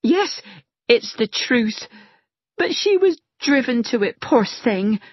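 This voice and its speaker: Gossipy old maid, voiced by a man, high and slow, lively pitch, dry, dull sound. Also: breathy edge, no room sound, heavily acted. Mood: grave gossip.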